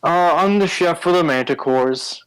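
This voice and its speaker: A man voicing a simple-minded, cheerful male troll cook who talks in a halting, eager, childlike way in a tabletop game. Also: fairly high pitch, fairly bright tone, clear, resonant tone, no room sound, voice pushed up, close to an everyday voice, rough recording. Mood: friendly.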